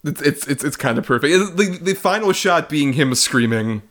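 A man's voice: fairly high pitch, lively intonation, moderate pace, a bit bright. A man co-hosting a film podcast, rambling casually with lots of "like", swearing and laughing. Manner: rambling, filler-heavy, profane, laughing. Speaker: podcast co-host. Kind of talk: casual film review chat.

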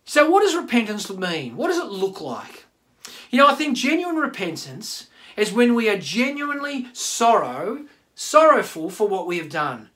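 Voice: medium pitch, moderate pace. A pastor giving a sermon, asking the congregation rhetorical questions. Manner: animated preaching with rhetorical questions.

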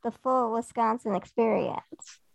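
Podcast co-host, woman, creaky gravelly voice, rambling stories, dry close mic. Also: on the high side, unhurried, dry recording. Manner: rambling storyteller, acts out what others said. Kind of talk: casual chat.

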